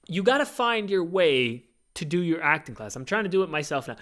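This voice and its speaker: A man hosting his own podcast, talking in an animated, rambling casual monologue full of fillers. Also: on the high side, brisk, hardly any pauses. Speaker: podcast host.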